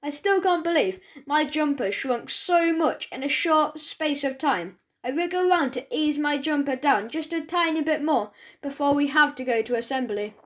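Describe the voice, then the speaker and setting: High-voiced woman narrating a children's audiobook. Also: lively intonation, moderate pace, few pauses. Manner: chatty first-person storytelling as a schoolboy.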